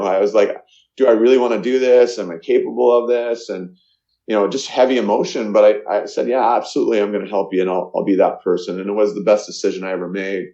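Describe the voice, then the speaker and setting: A middle-aged man from Canada telling a personal story in an interview, earnest and halting, with many fillers and restarts. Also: fairly low pitch, warm tone. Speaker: guest, charity founder. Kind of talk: emotional storytelling in a podcast interview. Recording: echoey, muffled lo-fi sound.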